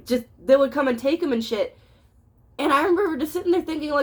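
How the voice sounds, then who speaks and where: A woman's voice: sits high, quick pace. Rambling, profane woman telling a story. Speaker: storytime vlogger. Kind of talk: casual storytime monologue. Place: home room with a cat nearby.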